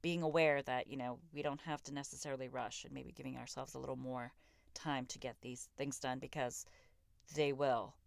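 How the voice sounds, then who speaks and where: A woman's voice: rumbling low, fairly even intonation, normal speed, creaky, no echo. A woman in her thirties hosting a solo podcast, talking in a raw, profane, emphatic and self-reflective way. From raised in a Pakistani immigrant family. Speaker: podcast host. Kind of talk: candid solo podcast monologue.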